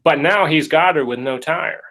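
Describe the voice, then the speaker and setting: Over a rough recording, a man with a fairly high voice hosts a podcast at a moderate pace. He recounts a case in a casual, joking, lively manner, voicing the quotes himself as he tells the story.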